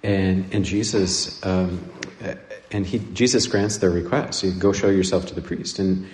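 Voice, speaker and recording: A man from Nebraska gives a chatty, rambling sermon, halting often to restart his thoughts. His voice sits a little low. It rings through a roomy church with a long reverb and faint background noise. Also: steady tone, darkish tone. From Nebraska, USA. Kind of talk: conversational homily.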